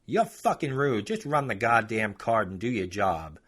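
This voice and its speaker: A man voicing a rude, entitled woman who curses and shouts demands at a parking attendant. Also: big pitch swings, moderate pace, husky, full character voice. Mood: angry, shouting. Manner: cursing, demanding, shrill.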